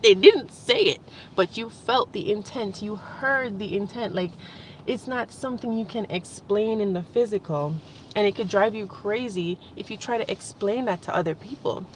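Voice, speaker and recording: A woman's voice: medium pitch, normal speed, slight background noise. A young adult woman talking in a casual, rambling vlog, emotional and laughing now and then. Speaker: vlogger. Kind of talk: casual spiritual vlog monologue.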